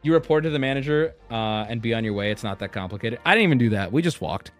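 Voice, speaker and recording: A man's voice: medium pitch, quick pace, soft background music. A man in his thirties casually telling a swear-filled story, acting out what people said. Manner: animated, swears often, acts out quotes.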